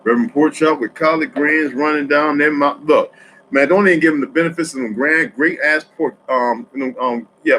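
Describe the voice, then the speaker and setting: A man from New Jersey rambles on in a casual, profane monologue. His voice sits fairly high for a man, and he swings from loud outbursts to quiet asides. A faint hiss runs under the recording. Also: moderate pace, poor audio.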